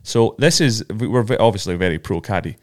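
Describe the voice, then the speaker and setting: A man with a lowish voice chats loosely on a podcast, wandering from point to point and restarting often. He sounds friendly and unhurried. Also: animated. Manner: rambling, friendly, full of restarts. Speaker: podcast co-host. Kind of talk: casual chat.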